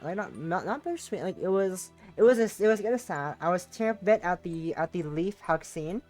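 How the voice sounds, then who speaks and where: A woman's voice: fairly low pitch, expressive, fairly quick, darkish tone, soft background music. A woman streamer gushing about a visual novel she just finished, rambling with lots of restarts. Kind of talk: casual live-stream commentary.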